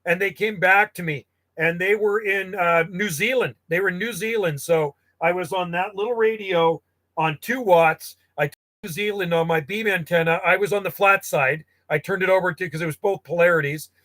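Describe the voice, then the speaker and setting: A man's voice: high voice, normal speed, fairly bright tone. A man in his fifties from Canada, telling rambling stories from his years as a radio hobbyist and often correcting himself. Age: 50s. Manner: rambling, self-correcting, nostalgic. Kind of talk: casual storytelling.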